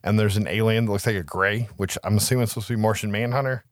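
A man co-hosting a podcast, recapping a horror film in a lively, profane, casual way. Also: on the low side, rapid-fire, no echo, studio quality. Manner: animated, profane storytelling. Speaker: podcast co-host.

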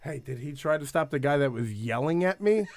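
Man, comedian, high-pitched, lively swings, swears a lot, laughs mid-story. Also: a little fast, a little hiss or hum. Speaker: stand-up comedian. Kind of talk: casual podcast chat. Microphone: studio mic on camera.

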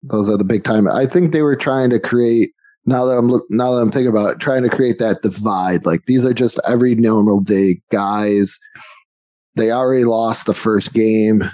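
A man's voice: fairly low pitch, moderate pace, warm tone, no echo, highs cut off. A man co-hosting a casual chat about a movie, laughing often and acting out quotes. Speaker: podcast co-host.

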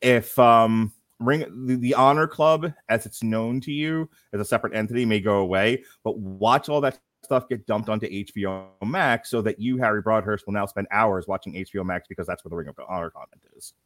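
A man's voice: lowish voice, brisk, few pauses, fairly bright tone, dry recording. A man co-hosting a podcast, chatting casually about wrestling with rambling jokes. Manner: jokey, rambling, laughs at his own lines. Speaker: podcast co-host. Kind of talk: casual wrestling review chat.

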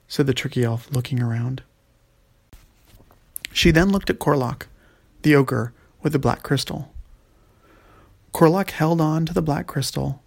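A man reading a fantasy story aloud as narrator in a steady, even way. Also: mid-range voice, creaky.

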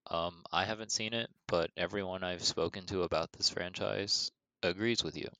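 Young guy cohosting a podcast, real low gravelly voice, chill short replies, dry close sound. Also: steady tone, moderate pace, pushed and bright, no echo, low-quality recording. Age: young adult. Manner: laid-back, brief agreeing replies. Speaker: podcast co-host. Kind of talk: casual chat.

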